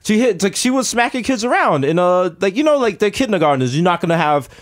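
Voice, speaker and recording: Lively New man joking around. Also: sits high, fast, dry recording, studio quality. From the Bronx, New York. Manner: joking storyteller, teasing, laughs often. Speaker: podcast co-host. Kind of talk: casual comedic banter.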